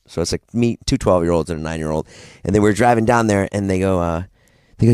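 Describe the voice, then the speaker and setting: A middle-aged man with a very deep voice chats on a podcast, easygoing and dry in his replies. He sounds close to the mic in a dead, dry space. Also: fast talker, darkish tone, clear, resonant tone, no echo. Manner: dry, laid-back reactions. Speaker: podcast co-host. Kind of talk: casual chat.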